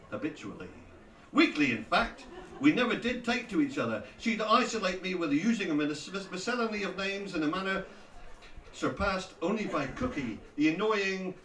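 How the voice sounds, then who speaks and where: A man's voice: high-pitched, pushed and bright, a little hiss or hum. A man narrating a scripted memoir, wry and mocking as he tells it. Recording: roomy echo, distant from mic.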